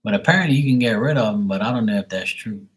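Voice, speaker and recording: A man with a very low, husky voice talks on his livestream in a loose, rambling way. He is blunt and swears freely as he tells a story and reads out chat. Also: very fast, poor audio. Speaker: livestream host.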